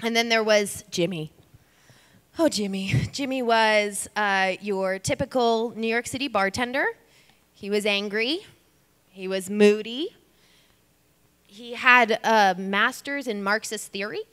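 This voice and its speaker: A woman's voice: medium pitch, slow, a bit bright, clear, resonant tone. A woman in her thirties telling a comic story on stage, chatty and wry, talking straight to the audience. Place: stage before a live audience. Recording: long reverb of a live venue.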